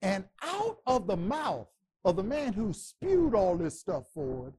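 A man teaching a Bible class, preaching with passion, stammering repetitions and bursts of shouting. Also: sits high, huge pitch swings, unhurried, slightly rough.

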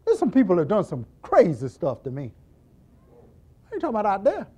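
A man's voice: high-pitched, fairly quick, slightly rough. A middle-aged man, a church deacon, giving a humorous Bible teaching and acting out little scenes as he goes. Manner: animated, acts out scenes with quoted voices, jokes and laughs.

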